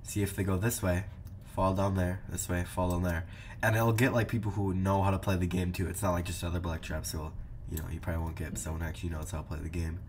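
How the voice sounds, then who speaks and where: Talking fast in a low, level tone, this young man teases the players and addresses his viewers in lighthearted gameplay commentary for his YouTube channel. There's a slight background noise.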